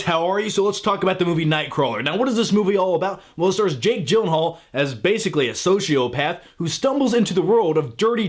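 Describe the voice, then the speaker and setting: Chatty, slightly high-voiced male movie reviewer. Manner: chatty, enthusiastic, rambling, casual swearing. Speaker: movie reviewer, channel host. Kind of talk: casual spoken movie review.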